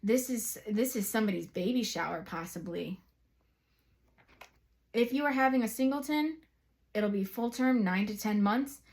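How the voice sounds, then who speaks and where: A woman giving a psychic tarot reading to viewers, chatty and excitable, drifting into rambling asides and speaking straight to her audience. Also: on the high side, normal speed, long pauses. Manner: addresses viewers directly. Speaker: psychic reader.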